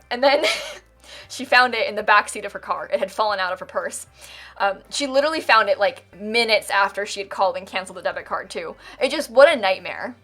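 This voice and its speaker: This game streamer from the United States is a young woman with a slightly bright, mid-range voice. Chatting loosely on her live stream, she wanders from point to point with plenty of "like" and frequent laughter, over faint background music.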